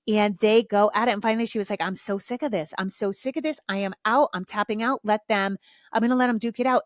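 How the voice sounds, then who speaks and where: A middle-aged woman talks frankly about parenting, blunt and unafraid to swear. Her voice sits at an ordinary pitch for a woman. The sound is dry and close, with no room echo. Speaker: podcast host, parenting coach. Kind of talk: casual chat, candid advice.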